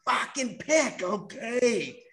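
A man's voice: extremely high pitch, animated, slow, a loud crowd. A man co-hosting a casual podcast, full of profane, mock-intense trash talk. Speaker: podcast co-host. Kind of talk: casual joking banter.

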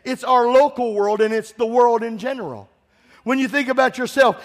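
A pastor preaches an impassioned sermon in church, swelling into shouts and putting direct questions to the congregation. His voice is very high-pitched, at a normal speed.

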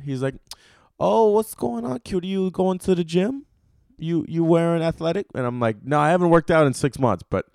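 A man's voice: medium pitch, no room sound, clean studio sound. A young man hosting a comedy podcast solo, ranting and telling stories in a loose, profane, rambling way. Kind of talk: casual solo podcast rant.

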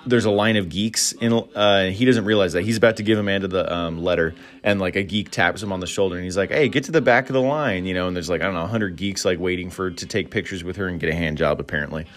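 Low-voiced man chuckling through film recaps. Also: steady tone, quick pace, hardly any pauses. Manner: chuckling, rambling with frequent "uh" fillers. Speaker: podcast host reviewing films. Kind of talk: casual solo podcast commentary.

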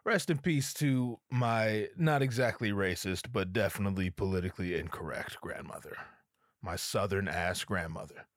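A man's voice: lowish voice, moderate pace, no room sound, clean studio sound. A man hosting a podcast alone, telling stories in a rambling, profane, casual way. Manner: rambling, profane, animated storytelling. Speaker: podcast host. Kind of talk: casual monologue.

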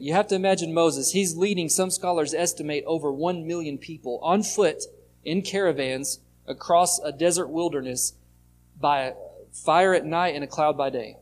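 A male pastor preaching in a relaxed, conversational way, his voice sitting a little high for a man. He reads scripture aloud, swings between loud and soft, and a faint hum runs underneath. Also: normal speed. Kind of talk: sermon.

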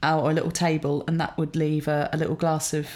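A woman's voice: deep voice, level tone, quick pace, darkish tone. A woman in her forties telling rambling, self-amused stories in a casual chat.

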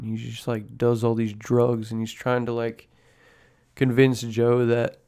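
A man's voice: mid-range voice, completely flat delivery, a little slow, warm tone, smooth. A man hosting a casual podcast chat, rambling in a laid-back way and swearing constantly over his coffee. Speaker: podcast host. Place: at home drinking coffee.

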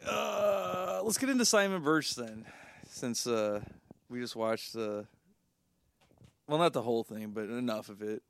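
A young man co-hosting a comedy podcast, dropping crude deadpan punchlines in casual banter. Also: medium pitch, unhurried, creaky. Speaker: podcast co-host.

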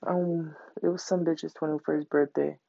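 The host, in their late teens, rambles through casual stories full of slang and swearing in a creaky, mid-range voice. There's little pitch movement and the pace is a little slow. The recording is dull and lo-fi, with no room sound.

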